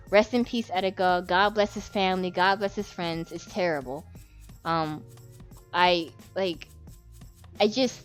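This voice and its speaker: Woman in a rambling, emotional vlog monologue. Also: mid-range voice. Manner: rambling, passionate, heavy swearing.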